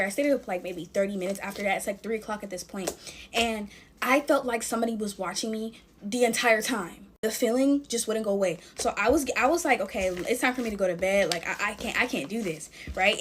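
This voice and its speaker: Her voice on the high side, a young American storyteller shares scary stories at home while handling slime. There's slight background noise as she talks expressively and casually, calling everyone y'all.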